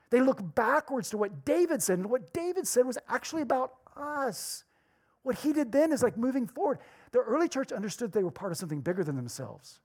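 Breathy woman preaching a sermon. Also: medium pitch. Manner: conversational, animated with rhetorical questions.

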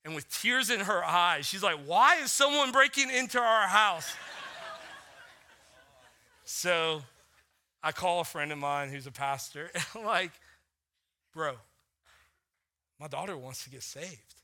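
A middle-aged man preaches a sermon in a loose, chatty style. His voice sits high and sounds very bright. He leans on "like" as he tells a story, going quiet at some moments and turning lively at others. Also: unhurried, pauses often. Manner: conversational storytelling, many "like" fillers, swings from hushed to animated. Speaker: pastor.

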